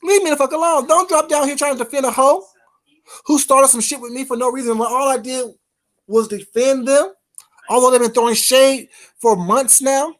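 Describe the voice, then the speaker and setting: Woman livestreamer, fairly high voice, cussing out her chat, combative and blunt. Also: steady tone, moderate pace. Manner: profane, confrontational, swings loud and quiet. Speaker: livestream host. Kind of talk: heated livestream rant to chat.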